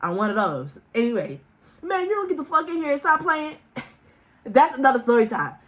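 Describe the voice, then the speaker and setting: A woman telling a casual story as a vlogger, animated and profane, laughing often and acting out the voices she quotes. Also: normal speed. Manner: acts out quoted voices with big pitch jumps.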